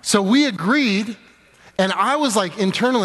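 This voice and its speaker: A man's voice: high-pitched, brisk, slight background noise. A man preaching a sermon to a congregation, telling a funny personal story and acting out the dialogue in voices. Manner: animated, acts out dialogue in quoted voices. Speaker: pastor. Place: church sanctuary before a congregation. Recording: long echoing reverb of a large hall.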